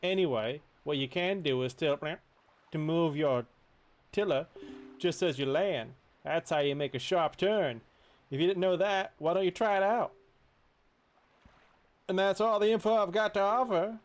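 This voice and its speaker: A man voicing a chatty talking fish that gives sailing tips in a teasing, quick way. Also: high voice.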